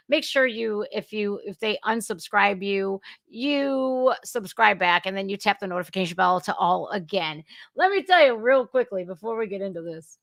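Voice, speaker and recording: A woman's voice: mid-range voice, creaky, sharp tone, no room sound, studio quality. A woman hosting a casual reaction livestream, chatty and exclamatory, talking straight to her viewers. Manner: chatty, exclaiming, laughing asides. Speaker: commentary livestream host.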